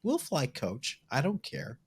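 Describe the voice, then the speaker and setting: A male podcast co-host chatting with enthusiasm and quick banter. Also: medium pitch, huge pitch swings, breathy edge. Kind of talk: casual chat.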